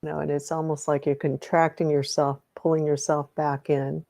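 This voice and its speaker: Low, gravelly woman guiding a meditation. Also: level tone, moderate pace, mellow, dry recording. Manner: rambling, self-correcting, greets viewers by name. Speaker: energy healing meditation host. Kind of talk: live-streamed guided meditation and chat.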